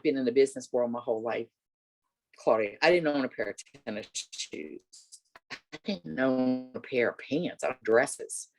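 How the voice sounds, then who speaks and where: Middle-aged woman, interview guest, expressive storyteller who acts out dialogue. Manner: animated, acts out voices with big pitch jumps and laughter.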